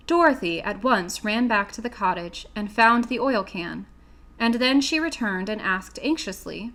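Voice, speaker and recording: A woman narrating a classic children's book in a steady, clear reading voice. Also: mid-range voice, unhurried. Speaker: audiobook reader. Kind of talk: storybook narration.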